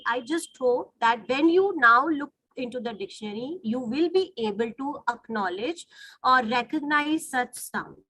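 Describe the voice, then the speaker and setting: A woman's voice: fairly high pitch, pushed and bright, rough recording. A woman giving an online lecture on phonetics, explaining and checking in often with the listeners. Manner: explanatory, frequent "right?" and "you know" checks. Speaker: English phonetics teacher.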